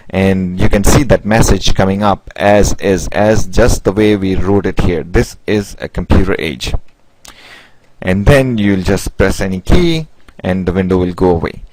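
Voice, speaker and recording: This programming instructor has a fairly low, slightly mellow voice, recorded with poor audio and a bit of hiss or hum. Teaching via screen recording, he goes step by step in a halting manner, full of restarts and "basically" or "you know" fillers.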